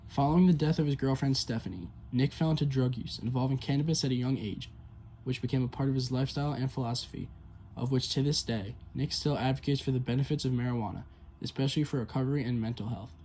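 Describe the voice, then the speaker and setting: A man reading a documentary narration in a steady, read-aloud way. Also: mid-range voice, quick pace, slight background noise. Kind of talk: scripted narration.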